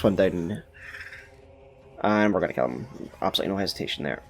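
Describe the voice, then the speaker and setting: A man's voice: low voice, lively intonation, brisk, creaky, a little hiss or hum. A man casually commenting on his gameplay as a gaming YouTuber, chatty and laid-back with playful asides.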